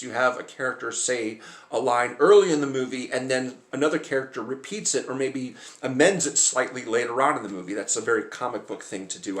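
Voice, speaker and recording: Guy rambling about movies, lots of uhs and ums, roomy echo, middle pitch. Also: a bit bright. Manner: rambling, hesitant, many filler sounds. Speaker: movie vlogger. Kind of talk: casual talk to camera. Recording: roomy echoey room.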